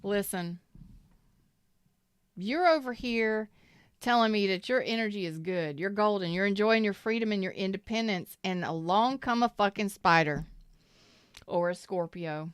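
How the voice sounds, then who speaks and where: A woman's voice: medium pitch, a little slow, smooth, no echo, clean studio sound. A woman, hosting a casual, salty tarot reading and talking straight to her viewers. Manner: chatty, salty, talks to viewers as y'all. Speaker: tarot reader, channel host.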